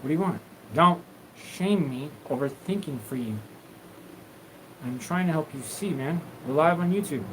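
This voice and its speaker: A man's voice: a little high, moderate pace, a little hiss or hum, poor audio. A man hosting a live stream, talking in a loose, rambling, profane stream of consciousness. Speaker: livestream host.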